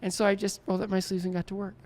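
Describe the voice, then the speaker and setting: A man's voice: high-pitched, completely flat delivery, racing, darkish tone, soft background music. A man in his sixties, a former Olympic skater being interviewed, telling stories animatedly, laughing often and acting out dialogue. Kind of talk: casual interview storytelling.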